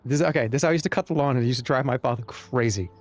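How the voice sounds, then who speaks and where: Streaming a game live, a man jokes and rambles as he talks to his chat, giving running gameplay commentary. His mid-range voice races along.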